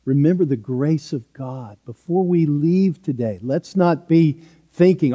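A man's voice: fairly high pitch, measured pace, mellow, long reverb tail. A man preaching a sermon as pastor, earnest and emphatic, driving points home with repeated short phrases.

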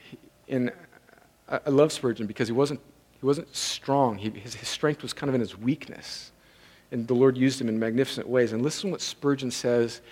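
A man preaching a sermon as pastor, intense, rising from conversational talk to impassioned, shouted pleading. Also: mid-range voice.

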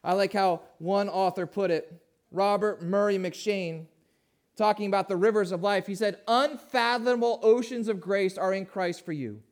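A pastor preaching a sermon in a high-pitched male voice. He poses questions to his listeners and moves between quiet, drawn-in passages and louder, emphatic ones. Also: moderate pace. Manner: asks the congregation questions, swings from hushed to emphatic.

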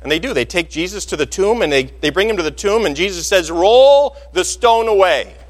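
In a church sanctuary, a pastor delivers a sermon in a voice pitched high for a man, a bit bright and quick. He tells the story expressively and with animation, acting out the voices he quotes, while a long reverb from the hall lingers after every phrase.

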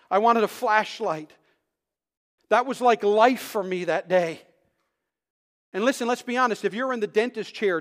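High-voiced animated preacher man. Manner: animated storytelling, swings from loud shouts to hushed tones. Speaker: pastor. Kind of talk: sermon with a personal story.

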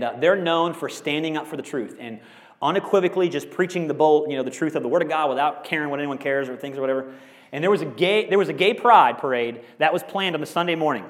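A middle-aged man pastor preaching a sermon in an energetic, joking way, often rising to loud emphatic peaks. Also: fairly high pitch, in a large hall.

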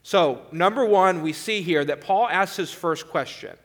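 A man's voice: high-pitched, unhurried, a bit bright. A man preaching a sermon, earnestly and emphatically walking his listeners through a passage of scripture.

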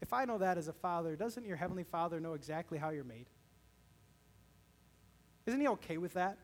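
Man, pastor, sermon, high-pitched voice, conversational preaching, asks the congregation questions. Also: animated, a little fast.

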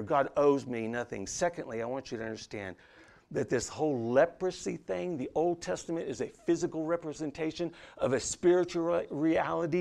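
A pastor preaching a sermon, swinging from hushed, intimate lines to loud, emphatic ones. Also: male voice, a little high, normal speed, creaky.

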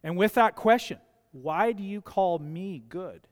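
In a church sanctuary, a pastor preaches a sermon conversationally, drawing on everyday stories and building emphasis on his main points. His voice is high-pitched and measured in pace. The livestream carries a long hall reverb.

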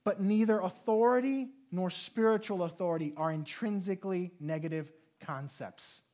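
A man preaching a sermon as a pastor, earnest and measured, slowing down to lean on key phrases. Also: high voice, darkish tone.

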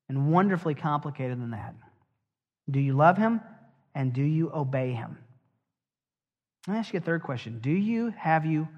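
A middle-aged man preaching a sermon as a pastor. He asks the congregation direct questions and drops wry, joking asides. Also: fairly high pitch. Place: church sanctuary. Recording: dull, long church reverb.

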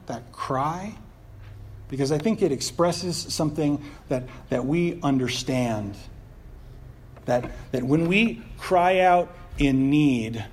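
A man preaching a sermon in an animated, conversational way, often checking in with a rhetorical "right?" and slipping in self-deprecating humor. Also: on the high side, slight background noise. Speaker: pastor.

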